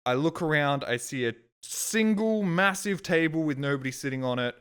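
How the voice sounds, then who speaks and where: A man's voice: a little high, expressive, moderate pace, fairly bright tone, clean tone. A young man telling a story as a live streamer, casual and exasperated, swearing often as he rants. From Australia.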